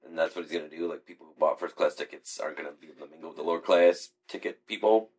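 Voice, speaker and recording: A man joking around in a casual chat, animated and swearing freely. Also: a bass voice, racing, husky.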